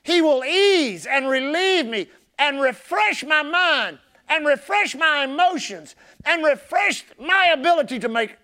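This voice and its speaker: Man, pastor, sermon, very high voice, lively pitch, shouts then drops soft. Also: a little slow, few pauses. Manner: impassioned, repeats key phrases, swings from shouted emphasis to soft low asides.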